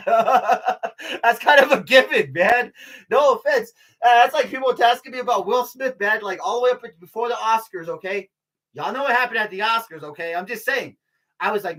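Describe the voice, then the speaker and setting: Speaking a little fast in a high-pitched, fairly bright voice, an older man vlogs in a meandering, casual monologue. His talk is profane and full of fillers and restarts, with laughter between remarks.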